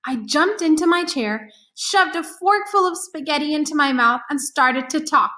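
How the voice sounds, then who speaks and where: A woman reading a children's chapter book aloud, with lively asides to listeners. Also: high-pitched, moderate pace. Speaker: reader.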